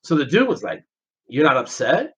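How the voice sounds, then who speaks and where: A man's voice: a little high, huge pitch swings, moderate pace, fairly bright tone, breathy edge. A man, a former Navy SEAL, telling a story as a podcast guest in a blunt, profane way, acting out the dialogue. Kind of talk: casual storytelling interview. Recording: slightly dull lo-fi podcast audio.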